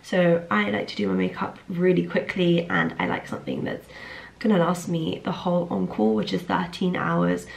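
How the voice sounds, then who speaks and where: This trainee surgeon from London, in her twenties, vlogs casually at home as she gets ready, sounding upbeat and filling gaps with "like." Still groggy from the morning, her voice is lowish and gravelly with a steady tone at normal speed, on a low-quality recording.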